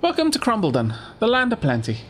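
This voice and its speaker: A man's voice: sits high, huge pitch swings, fast talker, slight background noise, pitched above the performer's own voice. A man voicing a cheerful, hopeful townswoman with a lilting, storytelling lilt.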